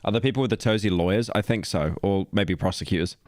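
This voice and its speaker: Low-voiced man joking on a stream. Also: fast talker, a little mellow. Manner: joking, sarcastic asides. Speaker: streamer reacting to a video. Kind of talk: casual live-stream commentary.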